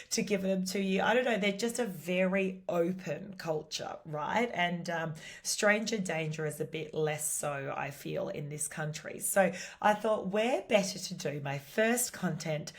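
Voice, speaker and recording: An Australian woman, a podcast host, chatting casually on her solo show in a lively, talkative way with lots of "you know" and "like". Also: on the low side.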